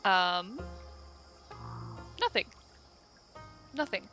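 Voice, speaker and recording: A woman playing a tabletop role-playing game with a bright, forward voice. She is playful and now and then slips into a sneaky whisper. Faint music runs underneath. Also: mid-range voice, big pitch swings, extremely slow. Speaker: player.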